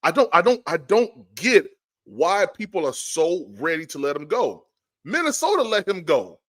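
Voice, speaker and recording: A man hosting a sports podcast, ranting in an animated, exasperated way with stammering repeats. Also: high voice, moderate pace. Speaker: podcast host. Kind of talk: fired-up sports podcast rant.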